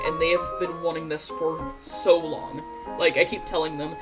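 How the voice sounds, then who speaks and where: A woman's voice: low-pitched, little pitch movement, normal speed, low-quality recording. A woman streamer chatting enthusiastically while playing a game, with a stuffy nose and repeated words. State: congested. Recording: game music under voice. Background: game music.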